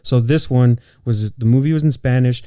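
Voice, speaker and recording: A man's voice: medium pitch, moderate pace, dark tone, clear, resonant tone, no room sound, studio quality. A man from California, co-hosting a podcast and telling work stories in a loose, profane way with lots of "like" fillers. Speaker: podcast co-host. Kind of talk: casual chat.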